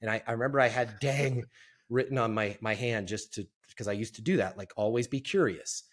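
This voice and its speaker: A man who is a podcast guest, telling a sales story in an animated way and acting out the quotes. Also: lowish voice, brisk. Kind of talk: storytelling interview.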